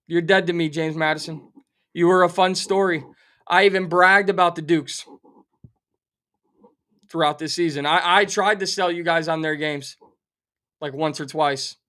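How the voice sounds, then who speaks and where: A middle-aged man hosting a sports talk show, delivering an animated, sarcastic rant of theatrical outrage about a football game and a bet. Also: a little high, normal speed, pauses often. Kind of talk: fired-up sports betting rant.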